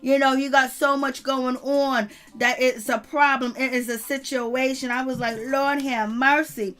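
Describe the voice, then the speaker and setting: A woman with a high, bright-pitched voice gives unfiltered commentary on a reality show. She's blunt and sassy, laughs a lot, and keeps calling out to her live chat in a loose, casual flow. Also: flat delivery, normal speed, smooth.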